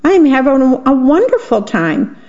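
A woman's voice: high-pitched, big pitch swings, normal speed, darkish tone, pitched above the performer's own voice. A woman voicing a busy male housefly who loves to sweep, eager and insistent, in a storybook read on the radio. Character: busy male housefly, tireless neat freak. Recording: dull lo-fi radio sound.

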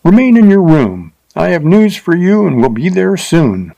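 A man voicing a confident young Texan horseman who speaks briskly and mockingly in an audiobook. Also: mid-range voice, animated, a little mellow, dry recording. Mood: cheerful.

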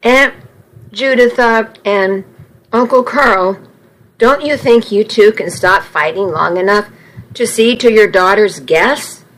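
A woman's voice: mid-range voice, takes it slowly, a bit bright, rough recording. A woman voicing a timid young cousin. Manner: timid, hesitant. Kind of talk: reading a story aloud.

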